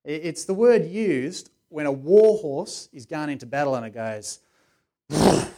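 A man's voice: on the high side, animated, moderate pace. Earnest preaching man. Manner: earnest, conversational preaching with sudden loud emphasis. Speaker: pastor. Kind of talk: sermon.

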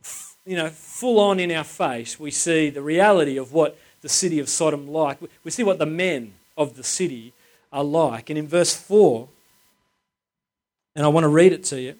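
A man's voice: on the high side, normal speed, a little mellow. A man preaching a sermon in an informal, chatty way, driving points home by repeating phrases. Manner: emphatic, repeats phrases for stress.

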